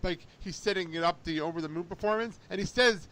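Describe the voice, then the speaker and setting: Excitable podcast guy, high bright voice, laughs a lot while he tells stuff. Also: quick pace. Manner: animated, laughs often, excitable storytelling. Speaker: podcast co-host. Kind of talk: casual chat.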